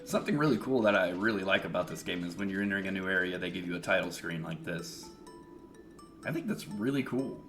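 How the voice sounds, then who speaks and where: A man giving relaxed, chatty let's-play commentary, thinking aloud as he plays. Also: sits low, quick pace. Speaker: streamer. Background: faint game music.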